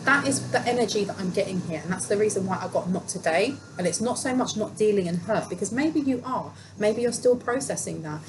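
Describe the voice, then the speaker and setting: A woman's voice: medium pitch, a little fast, hardly any pauses. A woman giving a casual tarot reading, talking in a chatty, emphatic way and repeating phrases for stress. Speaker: tarot reader. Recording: steady background noise.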